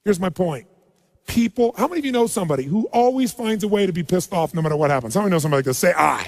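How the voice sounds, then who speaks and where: Middle-aged male seminar speaker, high-set voice, reverberant big room, swings from quiet stories to rallying shouts. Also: expressive, racing. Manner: storytelling, drops low and soft for emotional quotes, then rises to loud rallying. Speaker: motivational speaker. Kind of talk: seminar stage talk. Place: large hall with live audience. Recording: long hall reverb.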